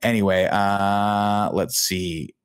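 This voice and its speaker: A man's voice: on the low side, fairly even intonation, slow pace, clean tone, no echo. A man co-hosting a casual podcast, recapping a movie with dry sarcasm. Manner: wry, sarcastic storytelling. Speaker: podcast co-host.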